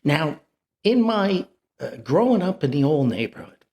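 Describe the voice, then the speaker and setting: A man's voice: fairly high pitch, very animated, a little slow, darkish tone. An older man, telling a rambling, chuckling family anecdote as a podcast host. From New Jersey. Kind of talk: anecdotal storytelling.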